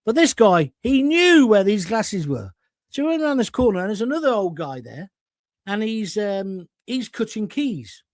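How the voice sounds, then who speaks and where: A man's voice: high voice, very animated, moderate pace, no echo, studio quality. An older man hosting a live-stream chat show, telling rambling jokey anecdotes with self-mocking asides and reading out viewer comments.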